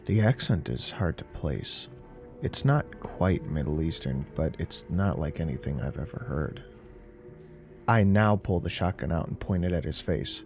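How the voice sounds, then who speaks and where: Deep gravelly man narrating horror. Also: normal speed, a little mellow. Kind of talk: scripted horror story narration. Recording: narration over faint music.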